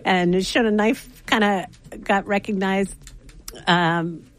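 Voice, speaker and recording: A woman's voice: medium pitch, fairly even intonation, slow pace. A woman hosting a radio show from the studio, chatting casually and laughing often. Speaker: radio host. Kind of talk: casual on-air chat.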